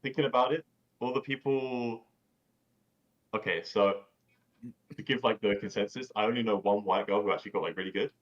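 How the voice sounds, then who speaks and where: A man with a fairly low voice rambles through a casual chat, filling every sentence with "like" and tossing in the odd swear word. He comes through a video call, so the sound is dull and lo-fi. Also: a little fast, pauses often. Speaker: podcast guest.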